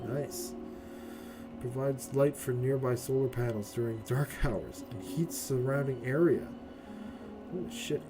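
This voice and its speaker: A man giving casual gameplay commentary as a streamer, chatty and profane, often tagging his lines with "right?". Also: mid-range voice. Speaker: game streamer. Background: game music.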